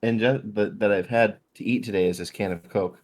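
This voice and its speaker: A man's voice: on the low side, fairly even intonation, brisk, darkish tone. A man in his thirties co-hosting a podcast, sleepy and laid-back, with dry humor in casual chat. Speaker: podcast co-host.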